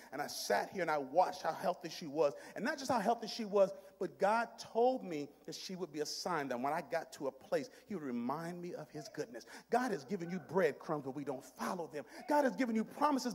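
High-voiced man preaching in a reverberant church. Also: slightly rough. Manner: dynamic preaching, swinging from shouts to hushed near-whispers; talks directly to the congregation in call-and-response. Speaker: pastor. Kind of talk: sermon. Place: church sanctuary. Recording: long hall reverb in a church.

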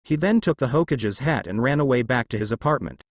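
A man narrating fan fiction with storybook pacing. He reads in a plain, steady way, and his pitch swings a lot. The recording is close and dry with no room sound. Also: brisk, no room sound.

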